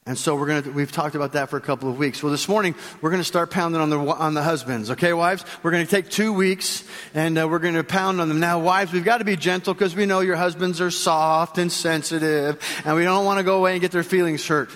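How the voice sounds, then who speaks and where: A man's voice: a little high, steady tone, quick pace, hardly any pauses, fairly bright tone, big-room sound. A male pastor giving a sermon in a conversational, joking way, speaking directly to the congregation.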